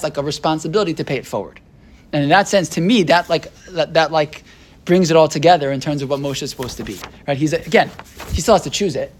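This fairly high-pitched American man is teaching Torah to a small group. He thinks out loud with frequent restarts, throws out rhetorical questions, and regularly checks in by asking "right?".

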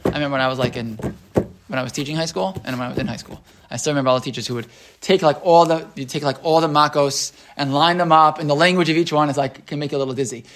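A man's voice: a little high, fast, a bit bright, a little hiss or hum. A man leading a text study class, aloud and explaining them, thinking aloud with frequent restarts and "right?" checks to the group. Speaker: Torah teacher.

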